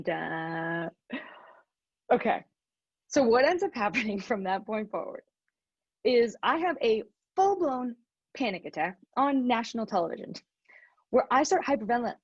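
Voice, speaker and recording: Husky-voiced woman telling a lively story. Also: a little high, no room sound, highs cut off. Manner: animated, laughs often while telling the story. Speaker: motivational speaker. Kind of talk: storytelling keynote talk.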